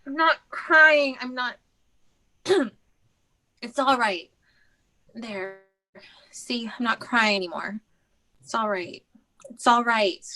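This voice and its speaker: A high, youthful voice belonging to a young woman playing a heartbroken girl nearing twenty-four who is sick of her dreary work. She speaks in anguished, tearful pleas, voicing a character in a stage drama. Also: slow pace, sharp tone, exaggerated voice, poor audio. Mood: composing herself. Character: despairing young woman, nearly 24, weary of her dull job.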